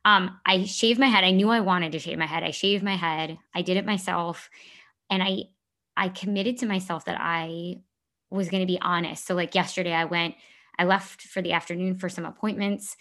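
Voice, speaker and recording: A woman's voice: fairly low pitch, normal speed, a bit bright. A woman talking candidly about her life in a casual chat, rambling and correcting herself as she goes. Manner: rambling, self-correcting, earnest.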